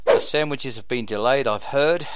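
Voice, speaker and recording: A man in an improvised comedy play, fussy and deadpan. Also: mid-range voice, normal speed. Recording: loud background noise.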